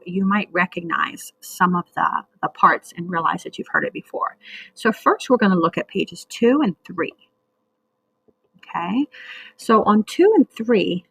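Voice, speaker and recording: A woman teacher leading a recorded reading lesson for young children, speaking slowly and patiently and sounding out words. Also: medium pitch, breathy edge, no room sound, rough recording.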